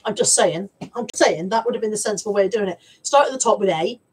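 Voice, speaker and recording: Chatty husky woman vlogger. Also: mid-range voice, quick pace, rough recording. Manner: chatty, reads out viewer comments, coos at her dog. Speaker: vlogger and reseller. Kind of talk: casual live-stream chat.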